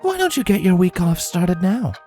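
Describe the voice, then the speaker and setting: A man voicing a gentle, motherly princess mare who speaks softly and calmly. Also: sits high, moderate pace, faint music behind, pitched above the performer's own voice. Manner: soft, calm and reassuring.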